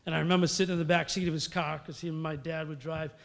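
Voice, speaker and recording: A man's voice: on the high side, level tone, quick pace, creaky. A middle-aged man giving a rambling, anecdote-filled acceptance speech at a podium microphone in a large banquet hall. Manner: rambling, storytelling, many fillers. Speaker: hall of fame inductee. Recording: long reverb of a large hall.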